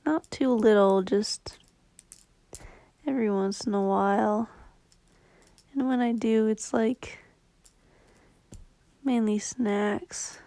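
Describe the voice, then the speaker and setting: A young woman rambling in a low-key, confessional vlog, swearing bluntly and often dropping to a whisper. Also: fairly even intonation, slow, gravelly, pauses often, mellow, no room sound.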